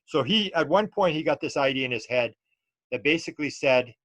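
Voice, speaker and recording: A middle-aged man talks as an interview guest, telling his stories in an animated, rambling way that often restarts mid-thought. His voice sits a little high for a man. The sound is dry and close, with almost no room around it. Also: fairly quick, no echo. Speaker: UFO researcher guest. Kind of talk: casual storytelling interview.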